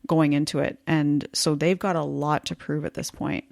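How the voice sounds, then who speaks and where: A woman's voice: low voice, flat delivery, normal speed, vocal fry, darkish tone, dry recording, clean studio sound. A woman co-hosting a casual history podcast, chatty and laughing easily as she explains events. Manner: chatty, laughing, reads quotes aloud. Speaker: podcast co-host.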